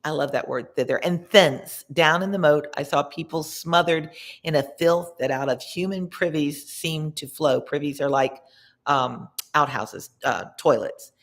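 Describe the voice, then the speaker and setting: A woman tutor reading an old poem aloud, stopping for chatty asides that explain words. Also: low voice. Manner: reads slowly with chatty word-explaining asides. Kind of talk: read-along with spoken asides.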